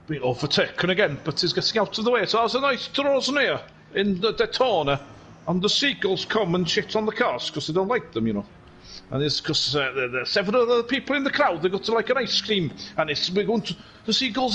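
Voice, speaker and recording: A man's voice: sits high, pushed and bright, a little hiss or hum, rough recording. A man in a put-on North Welsh accent commentating a live sim race, joking and rambling into asides.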